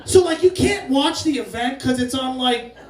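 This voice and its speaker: A man in his late twenties doing a stand-up comedy set, telling brash, profane stories with loud outbursts. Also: very high voice, moderate pace, recorded from a distance. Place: crab shack venue with live audience. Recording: roomy live recording from off-mic, crowd laughter.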